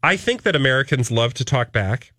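A man's voice: mid-range voice, a little fast, no room sound. Chatty male radio host, dry studio sound. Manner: chatty, joking, animated. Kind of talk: casual radio chat.

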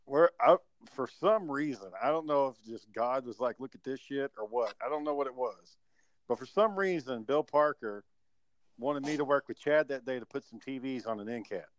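Over an online voice call, a man hosting a casual chat relaxes into a profane story, chuckling as he goes. He has a medium-pitched voice and a moderate pace, and the recording is dry.

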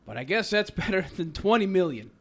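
A man voicing a weary male boxer after a fight, in a loud, thick, halting street drawl. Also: high voice, sing-song, breathy edge, pitched above the performer's own voice, exaggerated voice. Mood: earnest.

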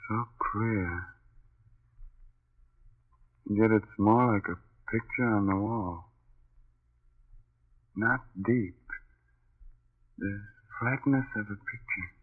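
An awestruck husband, speaking slowly in a low, husky voice, hushed and urgent. The sound is dull and muffled, from an old 1930s radio drama. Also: male voice. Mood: awed. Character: awestruck husband watching ghosts.

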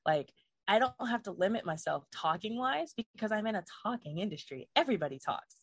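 A woman's voice: medium pitch, brisk, no echo. Chatty young woman, dry sound. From Virginia, USA. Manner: animated and rambling, laughs often. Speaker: guest. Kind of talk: casual chat.

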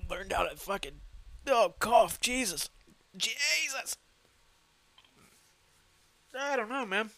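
A man in his thirties hosting a solo podcast, ranting casually with heavy swearing and animated asides. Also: high-pitched, moderate pace, gravelly, no room sound. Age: 30s. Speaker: podcast host.

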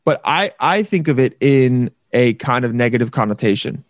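A man in casual chat, playful and animated, often slipping into silly voices mid-story. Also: mid-range voice, normal speed, dry recording. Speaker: actor.

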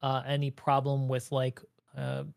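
A man chatting on a panel, telling animated stories and acting out what people said. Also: mid-range voice, a little slow, creaky, dry recording, clean studio sound. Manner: animated storyteller, acts out quotes. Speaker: guest content creator. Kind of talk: casual panel chat.

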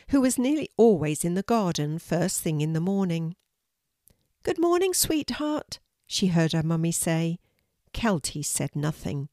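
An older woman, a grandmother, reading a children's story aloud in a warm, gentle way. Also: fairly low pitch, no room sound, clean studio sound.

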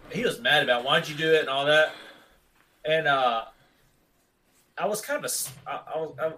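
A man in his thirties spinning a long, loose story in easygoing casual chat. His voice sits a little higher than most men's. He rambles along, relaxed, dropping "dude" all the time. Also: a little hiss or hum, poor audio. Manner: rambling, laid-back, says "dude" a lot.

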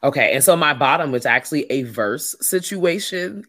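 A woman co-hosting a casual podcast, speaking, animated and swearing freely. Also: low voice. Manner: animated, swears freely, drawn-out emphatic delivery. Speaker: podcast co-host.

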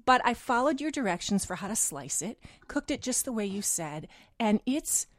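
A woman's voice: a little high, very animated, normal speed, no room sound. A woman hosting a radio call-in show, talking in a chatty, conversational way into a studio mic.

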